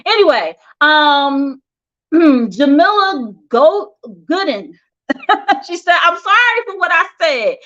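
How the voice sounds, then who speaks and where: A woman's voice: sits high, very animated, takes it slowly, a bit bright. A woman hosting a casual celebrity gossip news show, making opinionated asides between stories. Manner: chatty, opinionated asides with laughs. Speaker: host reading celebrity news. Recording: dull lo-fi sound.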